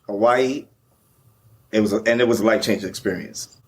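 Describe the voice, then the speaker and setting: A man's voice: lowish voice, fairly quick. A man, the featured guest, telling a travel story in a casual, profane, slang-heavy way.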